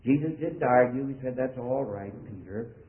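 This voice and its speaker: A man's voice: medium pitch, moderate pace. A man preaching a sermon in an emphatic style, his voice rising and falling as he speaks. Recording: tinny, phone-like old sermon recording.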